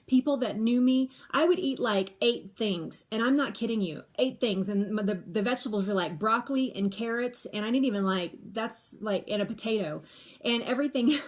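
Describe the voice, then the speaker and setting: A woman's voice: medium pitch, moderate pace. A middle-aged woman hosting a casual live Q&A about her own life, talking candidly and with emphasis, often restarting her sentences. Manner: candid, chatty, with frequent restarts and emphatic repetition. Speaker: livestream host answering viewer questions. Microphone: phone or webcam on a live stream.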